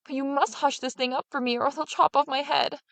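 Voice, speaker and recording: A woman voicing a wealthy, hot-tempered male innkeeper who shouts and frets loudly. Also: sits high, steady tone, fairly quick, no echo, pitched above the performer's own voice. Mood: frantic. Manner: loud, shouting and fussy.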